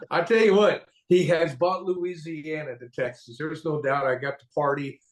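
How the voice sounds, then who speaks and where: A man hosting a casual live stream, talking in a lively, folksy, enthusiastic way. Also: fairly high pitch, measured pace. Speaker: host. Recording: echoey room.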